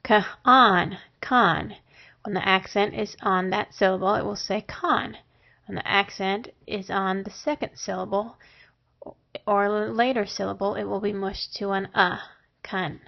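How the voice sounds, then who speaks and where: A woman teaching a phonics lesson, sounding out syllables and words one at a time with long pauses between them. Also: medium pitch, level tone, gravelly. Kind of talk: slow, deliberate phonics lesson. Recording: dull lo-fi recording.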